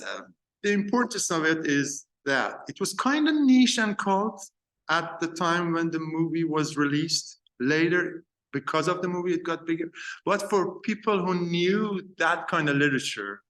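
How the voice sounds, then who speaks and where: Halting male lecturer talking through a film. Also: on the high side, lively intonation, fairly bright tone. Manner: halting, searching for words between points. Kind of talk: informal university film lecture.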